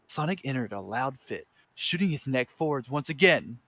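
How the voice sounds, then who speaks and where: A man's voice: mid-range voice, animated, normal speed, a bit bright. Man narrating fanfiction with stumbles. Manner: dramatic narration with stumbles and self-corrections. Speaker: reader. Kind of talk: comedic fanfiction reading.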